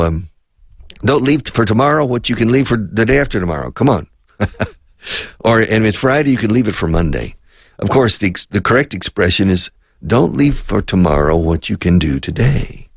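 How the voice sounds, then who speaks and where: Deep gravelly-voiced man teaching English on radio. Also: no echo, studio quality. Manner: rambling anecdotes, explains phrases. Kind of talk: radio English lesson with storytelling.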